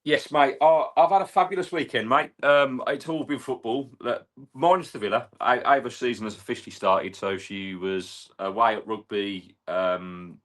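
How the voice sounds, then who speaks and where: A man's voice: mid-range voice, moderate pace, hardly any pauses, a bit bright. An English man co-hosting a football fan channel, matey and enthusiastic in casual chat.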